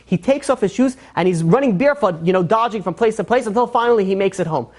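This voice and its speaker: Rapid-fire male rabbi narrating a story to his listeners; animated, casual fillers. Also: sits high. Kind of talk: storytelling sermon.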